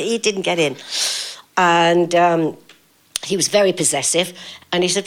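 A woman's voice: lowish voice, animated, moderate pace. An older woman telling stories as an interview guest, chatty, laughing often and acting out what people said. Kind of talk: casual anecdotal storytelling.

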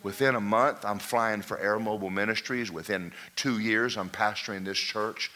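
A man preaching a sermon who tells a parable with animated storytelling and acts out the voices of its characters. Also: lowish voice, moderate pace. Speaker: pastor.

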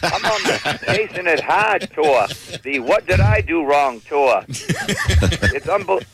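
Male New stand-up comic, slightly high voice, exasperated storyteller. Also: very animated, slow, a bit bright, a little hiss or hum, poor audio. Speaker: comedian. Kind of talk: stand-up comedy.

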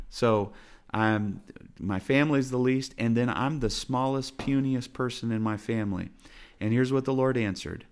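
A man preaching a sermon from his family's dinner table, earnest and exhorting, driving points home with repeated phrases. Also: mid-range voice. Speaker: pastor.

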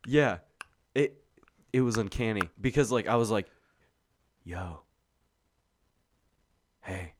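A man co-hosting a podcast, telling stories in animated, slangy, profane banter. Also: medium pitch, normal speed, pauses often, slight background noise. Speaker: podcast co-host.

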